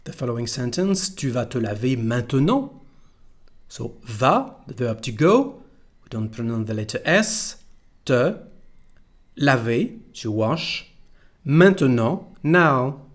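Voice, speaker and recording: Male French teacher, French accent, mid-range voice; patient, deliberate lesson delivery with lots of repetition. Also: medium pitch, sing-song. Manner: slow, careful, repeats each phrase for the learner. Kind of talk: pronunciation lesson.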